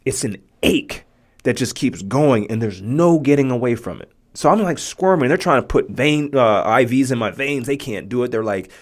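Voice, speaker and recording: A man in his thirties hosts a podcast and tells a personal story. His pitch swings widely as he acts out what others said. His voice sits in an ordinary middle register. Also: normal speed. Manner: animated storyteller acting out quotes. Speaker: podcast host. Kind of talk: storytelling monologue.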